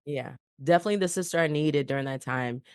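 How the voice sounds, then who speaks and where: A woman's voice: sits low, quick pace, clean tone, dry recording, clean studio sound. A woman from New York, a podcast guest, telling her story casually and acting out the dialogue. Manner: animated, acts out quoted dialogue.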